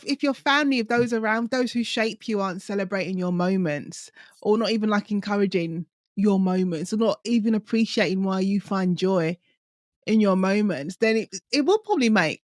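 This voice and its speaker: A woman's voice: mid-range voice, moderate pace, no echo, studio quality. A woman hosting a conversational interview, asking reflective, probing questions. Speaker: podcast host.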